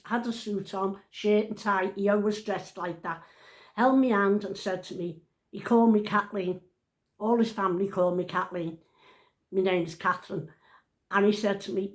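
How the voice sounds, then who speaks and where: Recorded in an echoey room, a woman in her seventies with a medium-pitched voice tells a family story to the camera at home. She chats and rambles, often breaking off and cutting herself short.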